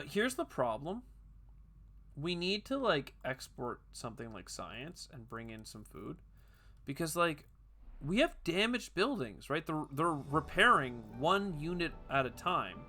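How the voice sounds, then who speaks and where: A man talks his way through a strategy game in a loose, chatty commentary, tossing off jokey asides to himself. His voice is bright and forceful, and faint game music runs under it. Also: a little high. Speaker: gaming video host. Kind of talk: casual gameplay commentary.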